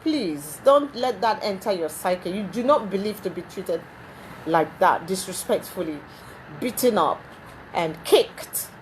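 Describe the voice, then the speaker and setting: A woman hosts a talk show from a TV studio. Her delivery is emphatic and animated, and she often repeats words as she presses her points. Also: medium pitch, unhurried, slight background noise.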